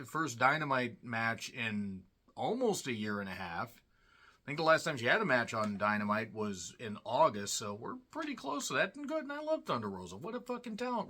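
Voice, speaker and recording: Blunt, sarcastic man with a lively bright voice. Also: medium pitch. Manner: blunt, sarcastic, swears freely. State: tired. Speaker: wrestling show reviewer. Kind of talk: casual solo review commentary.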